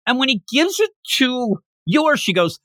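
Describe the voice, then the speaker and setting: A man hosting a podcast, recapping a manga chapter in a casual, animated way and acting out the characters' lines. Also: extremely high pitch, a little slow, dry recording, studio quality. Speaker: podcast host.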